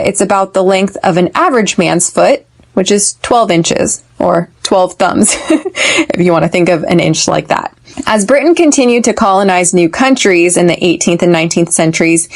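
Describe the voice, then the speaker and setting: A woman hosting an English-learning podcast with an American accent. She drills phrases slowly and clearly for listeners to repeat. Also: medium pitch. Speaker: podcast host and English teacher.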